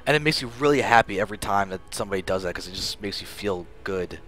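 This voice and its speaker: Excitable young male game caster. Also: fairly low pitch, quick pace. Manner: excitable, bursts louder at big moments. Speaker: esports caster and stream host. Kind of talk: live game commentary. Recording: faint background noise.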